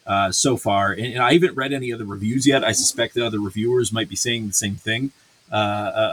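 Ranting husky-voiced man. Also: mid-range voice. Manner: profane and ranting, many fillers and restarts. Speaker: podcast host reviewing a series. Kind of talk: casual review chat.

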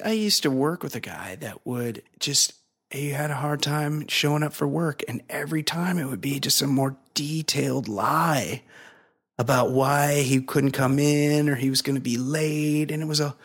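A man's voice: on the high side, normal speed, slightly rough. A man hosting a comedy podcast, joking in a loose, crude, casual way. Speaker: podcast host.

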